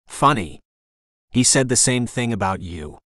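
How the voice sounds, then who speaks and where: A tough young shifter detective, as a male narrator reads him, blunt and confrontational. His pitch moves in a lively way, and the recording is dry and close. This audiobook voice is pressing and sardonic. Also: unhurried, no echo.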